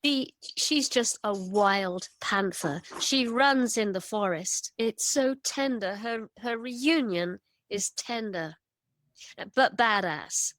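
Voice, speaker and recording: A woman on a podcast telling an old myth in a vivid, animated conversational way, often stacking emphatic lists. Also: medium pitch, slow pace, dry recording. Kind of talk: casual storytelling conversation.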